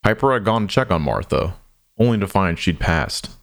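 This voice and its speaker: A man narrating an audio drama in a measured, somber storytelling manner. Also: sits low, very animated, vocal fry.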